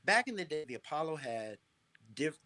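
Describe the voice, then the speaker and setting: A middle-aged man, a guest on an interview show, telling stories in a lively way, restarting phrases and checking in with "right?". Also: a little high, normal speed. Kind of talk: casual interview storytelling.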